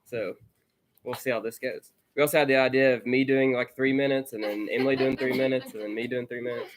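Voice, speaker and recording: A man in a mid-range voice leads a small church gathering, introducing a sermon reading. He talks in a relaxed, conversational way, unhurried and informal. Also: medium pitch. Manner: relaxed, conversational, leading sharing time. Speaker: pastor.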